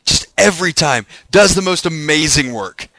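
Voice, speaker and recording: A man chats casually on a podcast, laughing often, with a high voice that swings widely in pitch. His tone is bright and tense, and the recording is close and dry. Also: lively intonation, normal speed, no echo, rough recording. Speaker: podcast co-host.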